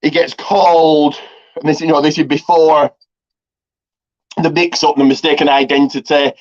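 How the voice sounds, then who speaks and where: A man casually retells a movie's plot for a review, rambling with plenty of ums and restarts. His voice is on the high side, with a level tone and moderate pace, and the lo-fi audio sounds slightly dull.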